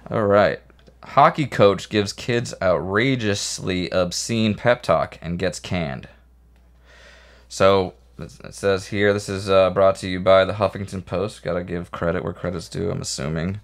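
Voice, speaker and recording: A man co-hosting a podcast, joking and swearing as he reads news stories aloud haltingly. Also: low voice. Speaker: podcast co-host. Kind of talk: casual podcast chat.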